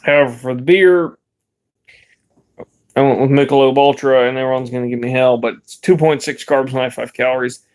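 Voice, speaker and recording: A man's voice: mid-range voice, fairly even intonation, fairly quick, darkish tone. A young man vlogging in a rambling, laid-back way, swearing casually as he chats. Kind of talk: casual vlog chat.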